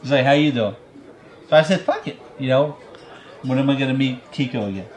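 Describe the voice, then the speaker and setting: Podcast host, man, casual rambling storyteller, swears freely, mid pitch. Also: a little fast. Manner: rambling, profane, laughs often.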